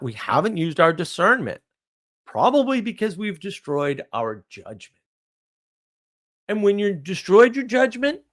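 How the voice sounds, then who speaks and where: A man delivers a blunt, ranting live stream monologue, asking questions and answering them himself. His pitch swoops widely up and down as he talks. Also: fairly bright tone.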